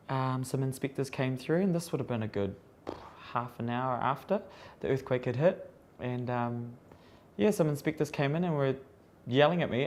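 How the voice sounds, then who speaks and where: Kiwi makeup artist guy, mid pitch, chatty and a bit self-amused. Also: darkish tone. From New Zealand. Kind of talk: documentary interview recollection.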